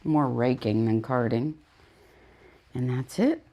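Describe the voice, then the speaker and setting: A dog groomer with a very deep voice chats casually while she works, taking her time. She tells stories and acts out her clients in quotes, and the sound is lo-fi.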